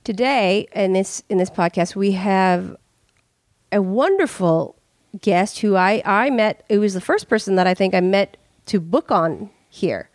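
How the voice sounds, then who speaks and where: A woman's voice: mid-range voice, a little slow, no room sound, clean studio sound. Rambling, swearing woman hosting a podcast. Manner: rambling, with many fillers and restarts; swears casually. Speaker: podcast host. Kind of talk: casual podcast chat.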